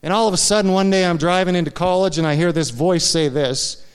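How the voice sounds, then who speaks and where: Smooth and high-voiced, a pastor preaches fairly quickly in a church sanctuary where his words trail off in long reverb. He opens up with a personal story and regularly checks in with the congregation through asides.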